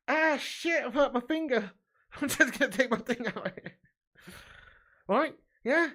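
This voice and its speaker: A man's voice: extremely high pitch, animated, moderate pace, a bit bright. A young adult man streaming a football video game, trading sweary, mock-aggressive banter with his live chat.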